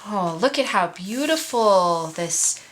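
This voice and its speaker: A woman teacher reading picture books aloud to children in a slow, expressive storytelling way. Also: mid-range voice, slight background noise. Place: home or classroom, online video.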